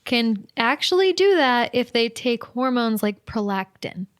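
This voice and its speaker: Casting: female co-host, higher voice, matter-of-fact, casual. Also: expressive, unhurried. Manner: matter-of-fact, reports findings. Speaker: podcast co-host. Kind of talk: casual chat.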